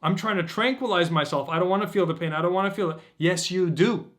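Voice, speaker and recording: Guy coaching a workshop, fired up and swearing a lot, kinda high voice. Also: fast, fairly bright tone. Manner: intense, profane, preachy. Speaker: dating coach. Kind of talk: motivational workshop talk.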